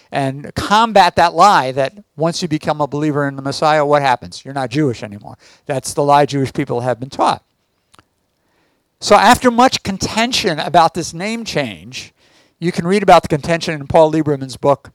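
With a fairly high pitch and no audible room sound, this man preaches a teaching sermon as a Messianic teacher. He keeps stopping to ask the congregation check questions about whether they follow him.

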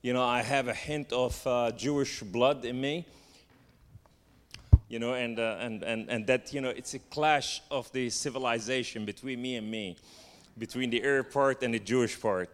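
Lebanese-accented preacher in reverberant hall. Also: male voice, medium pitch, steady tone. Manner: halting, joking, repeats fillers like "and so therefore". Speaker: guest preacher. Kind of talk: sermon. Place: church sanctuary.

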